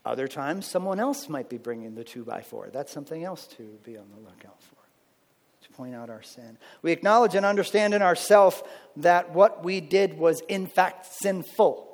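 An adult pastor, married with children, preaches a sermon conversationally, often checking in with "right?". His slightly high voice is expressive and moves at normal speed, with a long reverb tail.

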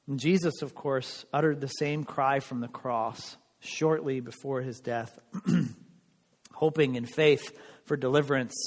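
A male pastor preaching a sermon in a church, earnest and conversational, with emphatic pauses. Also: a little high, big-room sound.

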